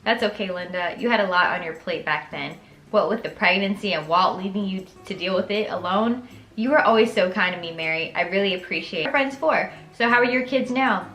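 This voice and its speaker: A woman reading a gentle, warm mother. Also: medium pitch, fairly quick, reverberant, faint music behind, natural voice. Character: warm, caring middle-aged mother.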